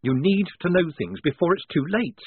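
Man voicing a jumpy, chatty male writer, pitched up, narrow lo-fi sound. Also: lively intonation, breathy edge, no room sound. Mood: nervous. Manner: eager, pleading, fast-talking. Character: nervous, talkative male city writer. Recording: narrow phone-like band, dry.

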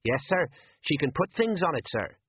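A man's voice: on the high side, big pitch swings, moderate pace, husky, no echo, voice pushed up, exaggerated voice. Sergeant Colon, a man doing a plodding, deferential sergeant. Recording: tinny phone-like line, dry.

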